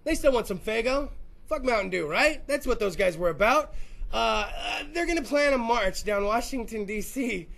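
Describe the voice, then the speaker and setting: A man's voice: very high voice, gravelly, a bit bright. A man hosting a podcast, rambling through a crude, profane, jokey comedic rant. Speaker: podcast host.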